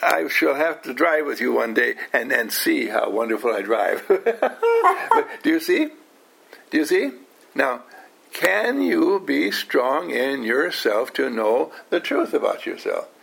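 A man's voice: medium pitch, sing-song, a little slow, creaky, fairly bright tone, slightly rough. An older man giving an informal talk to a small group, often asking questions, teasing his listeners and acting out the people he quotes. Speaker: household teacher.

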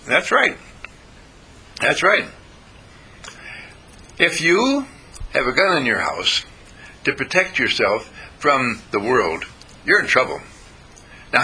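A man's voice: medium pitch, sharp tone, husky, low-quality recording. An older American man giving a rambling, folksy spiritual talk to students, full of fillers and restarts. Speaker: spiritual teacher. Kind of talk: informal sermon to students.

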